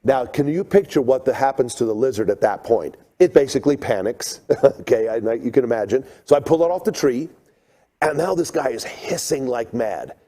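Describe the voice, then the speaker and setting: A middle-aged man giving a seminar talk, telling stories with lively acted-out moments. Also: medium pitch, normal speed. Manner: animated storyteller, acts out scenes. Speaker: creation seminar speaker.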